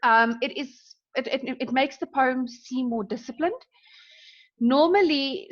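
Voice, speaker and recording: A young woman gives a recorded lesson in a fairly high voice, stopping often to check "okay?" as she explains. The sound is dull and lo-fi, like a basic laptop mic. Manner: explains with frequent "okay?" checks, mixing in Afrikaans terms. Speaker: teacher. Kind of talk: recorded screen-share lesson.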